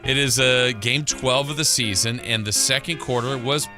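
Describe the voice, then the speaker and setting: A man co-hosting a sports radio show, reading a game recap in a steady, dry way. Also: medium pitch, normal speed, faint music behind. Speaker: radio co-host. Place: radio studio.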